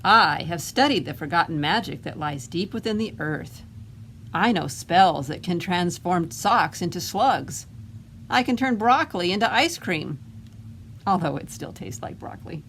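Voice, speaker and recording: A woman's voice: on the low side, animated, a little slow, a bit bright, a little hiss or hum. A woman reading a picture book aloud, voicing a grumpy, self-important male goblin with an indignant, sarcastic way of complaining. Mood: grumbling.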